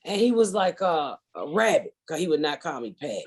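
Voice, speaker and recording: A woman's voice: low voice, sing-song, moderate pace, darkish tone, breathy edge. A middle-aged woman, hosting a podcast and telling a comedic story with profanity, acting out both sides of a phone call. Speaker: podcast host.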